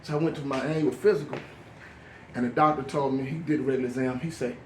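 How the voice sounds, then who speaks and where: A man in his fifties doing stand-up comedy, telling stories in an animated way, laughing through his punchlines and acting out the people in them. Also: medium pitch, fast talker, roomy sound, slight background noise. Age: 50s.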